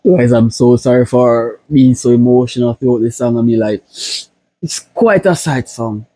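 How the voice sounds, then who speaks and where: Young Jamaican reaction host, warm mellow tone, openly emotional, casual. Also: male voice, mid-range voice, normal speed, no echo. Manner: emotional, keeps saying "bro".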